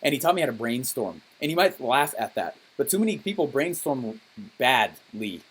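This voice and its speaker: A man coaching his course members on a call, telling stories with lively enthusiasm and often checking in with "okay?". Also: medium pitch, moderate pace, slightly rough. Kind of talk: energetic coaching call with storytelling.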